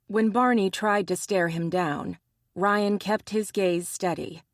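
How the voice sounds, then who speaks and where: An audiobook narrator reading a romance in a steady, measured scripted narration. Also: medium pitch, dry recording, studio quality.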